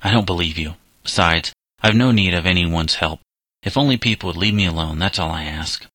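A sullen seventeen-year-old runaway, bitter and resentful in every protest, as a man reads him in a storybook. The voice sits very low, with a bright, forceful edge, and the recording is close and dry. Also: brisk, dry recording. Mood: defiant.

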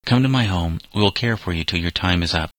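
A calm, stern young farmhand, firm and earnest as he reasons with a boy, as a man reads him in a storybook. The voice is very deep, with a bright, forceful tone, and the recording is close and dry. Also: fast talker, no room sound.

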